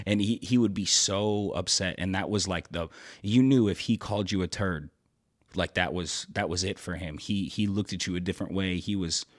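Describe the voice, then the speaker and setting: A man in his thirties, a podcast host and army veteran, telling a story in a relaxed, rambling way with many fillers and restarts. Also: sits low. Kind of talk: casual storytelling.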